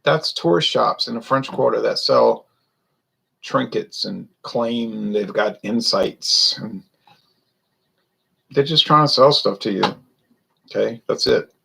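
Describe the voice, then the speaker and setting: A man from Louisiana chats casually with his viewers in a beer review. His voice is gravelly and mid-pitched. He rambles wryly and corrects himself as he goes. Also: slow pace, long pauses, pushed and bright, rough recording. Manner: wry, rambling, self-correcting, talks to viewers. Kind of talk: casual solo livestream chat.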